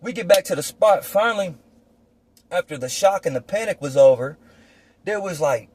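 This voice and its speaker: Young guy with a husky, slightly high voice, swearing a lot, doing gunshot noises as he tells it. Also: moderate pace, long pauses, no room sound. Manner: animated, acts out gunshots with mouth sounds; profane, slangy. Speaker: storyteller. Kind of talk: casual storytime.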